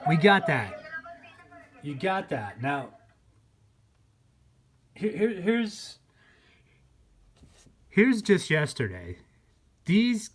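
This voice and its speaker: Man, own channel host; slow, halting, repetitive monologue, pitch swinging widely. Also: a bit bright. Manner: repetitive, halting, addresses viewers as folks. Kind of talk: rambling monologue to viewers.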